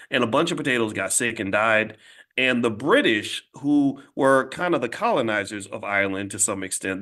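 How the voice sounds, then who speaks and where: A middle-aged man hosting his own channel, telling stories in a blunt, animated casual monologue. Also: mid-range voice. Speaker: host.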